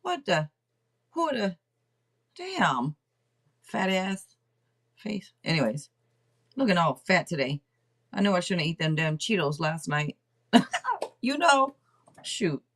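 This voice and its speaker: A middle-aged woman hosting a casual livestream tarot reading, rambling and chatting out loud to herself between readings. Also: fairly low pitch, sing-song, slow pace, long pauses. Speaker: tarot reader and livestream host.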